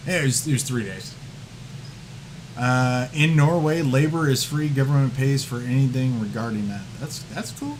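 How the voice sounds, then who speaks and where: A man chats loosely as a podcast host, swearing freely and laughing through his own stories. He slips into quick voices for the people in his tales. His pitch sits right in the middle for a man. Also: background noise. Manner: profane, laughing storyteller who acts out quotes. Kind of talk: casual podcast chat.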